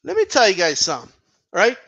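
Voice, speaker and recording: A man's voice: sits high, wildly swooping pitch, fast talker, creaky, sharp tone. A man ranting about boxing in a heated, casual monologue, swearing and repeating himself for emphasis. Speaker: boxing commentator.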